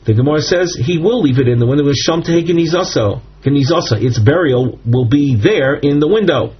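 A man's voice: a little high, lively intonation, brisk, husky. A man teaching a Talmud class, explaining step by step and often repeating himself as he reads and translates. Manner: explains step by step, repeats terms, many fillers. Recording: muffled lo-fi recording.

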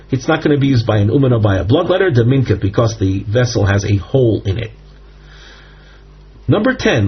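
A man with a very husky, breathy voice teaches a Talmud lecture, working through the text step by step with frequent fillers and repeated phrases. The recording is dull and muffled. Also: medium pitch. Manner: explains step by step, repeats terms, many fillers.

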